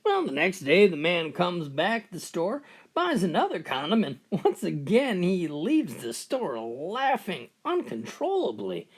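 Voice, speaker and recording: Animated man telling jokes. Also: high-pitched, measured pace, slightly rough. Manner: animated storytelling. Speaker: joke teller.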